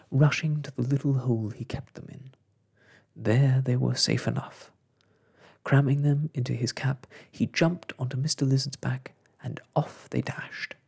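Man, soft ASMR storybook narration, breathy, gravelly, slow, lively melody. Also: medium pitch. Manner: slow, soft, hushed reading.

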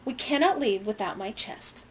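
A haughty, imperious lady of a wealthy loyalist house, as a woman reading a novel aloud puts her on. She speaks crisply and with cold indignation, and her voice sits at an ordinary middle pitch. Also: expressive, moderate pace, slight background noise, lightly acted.

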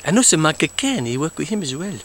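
A man's voice: on the high side, big pitch swings, quick pace. A man playing a pompous, boastful French count with a put-on French accent, rambling theatrically and sometimes dropping to a whisper. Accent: fake French. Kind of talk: comedic character monologue.

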